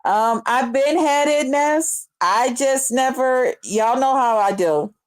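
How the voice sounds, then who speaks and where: A woman hosts a loose, unscripted live stream, chatting with her viewers and reading their comments aloud. She talks in an unhurried, drawn-out way and swears freely. Her laugh breaks in often between remarks. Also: high-pitched, lively intonation. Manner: slow-talking, loose, profane, chatty. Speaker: livestream host reading her chat. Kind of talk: casual unscripted live chat.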